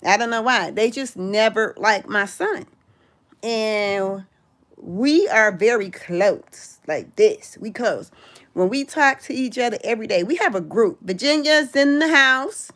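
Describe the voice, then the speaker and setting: A middle-aged woman hosting a casual livestream, chatting with viewers and calling out where they are from. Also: unhurried. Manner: chatty, reads out viewers' locations, calls out "in the house"; animated, jumps high in pitch when greeting viewers. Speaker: livestream host.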